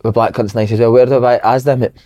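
A Scottish man hosting a football podcast, firing off quick teasing questions in casual chat. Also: medium pitch, steady tone, warm tone, highs cut off. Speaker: podcast host.

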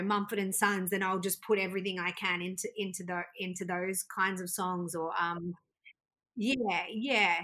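Aussie woman singer chatting on a podcast, bright voice, laughs a lot, keeps restarting. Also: mid-range voice. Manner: chatty and giggly, with frequent restarts. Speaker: wedding singer and musician. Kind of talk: casual podcast interview.

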